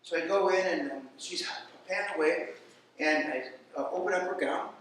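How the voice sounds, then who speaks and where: A man's voice: high voice, moderate pace, a little hiss or hum. A man performing a stand-up comedy routine, telling stories and acting out the people in them. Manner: storytelling, animated voices for quoted people. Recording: echoey room, mic far off.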